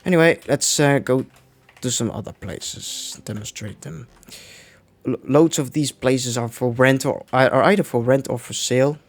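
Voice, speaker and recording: A man's voice: mid-range voice, unhurried. Man rambling through live gameplay commentary. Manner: rambling, restarts often, mutters to himself. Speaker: streamer.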